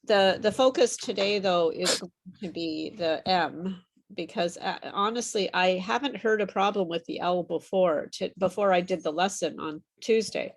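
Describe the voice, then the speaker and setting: A woman's voice: fairly low pitch, moderate pace, vocal fry. A woman tutoring a small online class in pronunciation, modelling words and repeating them patiently. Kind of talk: online group lesson.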